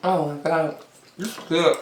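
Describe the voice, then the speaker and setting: A woman vlogger chatting casually to camera between bites, often pausing on long hums. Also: low-pitched, fairly even intonation, darkish tone, a little hiss or hum. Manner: chatty, talks between bites with drawn-out mms. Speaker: mukbang vlogger. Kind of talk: casual eating chat to camera. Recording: roomy sound from a distance.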